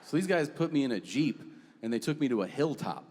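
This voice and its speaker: A man doing a stand-up comedy routine, telling a story in a dry, deadpan way with acted quotes. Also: medium pitch, brisk, in a large hall. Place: comedy stage.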